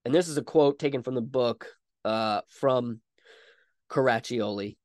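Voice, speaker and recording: A man's voice: medium pitch, unhurried, a little mellow, dry recording, clean studio sound. A man hosting a podcast, telling a history story in a chatty, casual way with frequent asides. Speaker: podcast host.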